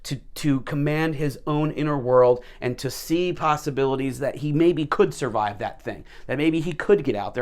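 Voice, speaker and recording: Animated male leadership teacher. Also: fairly high pitch. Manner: animated, repeats words as he rephrases. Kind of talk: explanatory storytelling talk.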